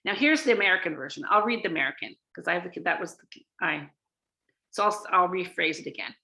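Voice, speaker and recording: Woman trainer, casual talk, bright tone, gravelly, lots of um and restarts. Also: on the low side, expressive, fast. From Canada. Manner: chatty, many fillers and restarts. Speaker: sales trainer.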